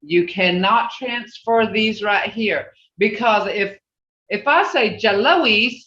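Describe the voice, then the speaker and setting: Patient teacher on a roomy video call. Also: female voice, medium pitch, takes it slowly, sharp tone. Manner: patient, drills students one by one. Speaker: language teacher. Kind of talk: online language class. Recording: roomy, distant, dull video call audio.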